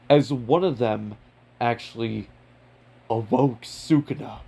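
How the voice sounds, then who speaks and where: Dude narrating fan fiction, slow and casual, kinda loose. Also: male voice, mid-range voice, warm tone. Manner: casual, off-the-cuff, occasional swearing.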